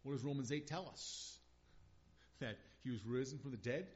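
A man's voice: medium pitch, moderate pace. Earnest male pastor preaching, lo-fi sound. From northern Minnesota. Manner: earnest, building to emphatic repetition. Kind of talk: sermon. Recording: dull lo-fi sound.

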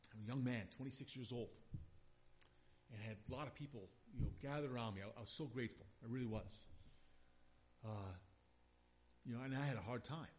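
A middle-aged male pastor delivers a sermon in an earnest voice of middle pitch. He builds to emphatic, repeated refrains. The recording sounds dull and lo-fi. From northern Minnesota.

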